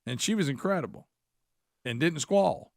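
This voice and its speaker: Man, radio co-host, ranting talk, a bit high, dry close sound. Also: animated, normal speed, creaky, no echo. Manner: ranting, mocking quoted voices. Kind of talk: casual talk radio banter.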